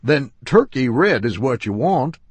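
A man reading a story aloud, voicing a male upholsterer who calmly insists on his point in a high, loud voice. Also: measured pace, breathy edge, no room sound. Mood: insistent.

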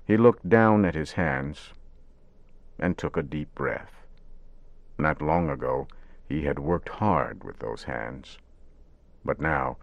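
A man narrating a radio story in measured, simple wording. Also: rumbling low, no room sound.

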